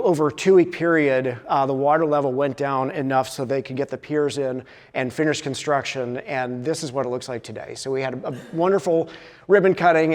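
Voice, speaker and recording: A man's voice: medium pitch, in a large hall. A man giving a conference presentation, with a lot of uhs and restarts. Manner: filler-heavy, with many uhs and restarts. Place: conference hall.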